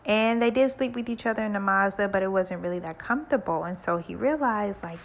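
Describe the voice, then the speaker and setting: A woman's voice: mid-range voice, fairly quick, creaky, few pauses, a little hiss or hum. Slangy woman retelling a book. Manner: slangy, conversational. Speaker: book summary narrator.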